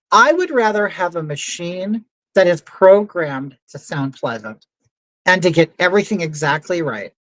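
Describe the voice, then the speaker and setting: A woman's voice: fairly low pitch, no room sound, rough recording. A woman hosting a livestream, telling stories in a chatty, opinionated way with many asides. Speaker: livestream host. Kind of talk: casual livestream monologue.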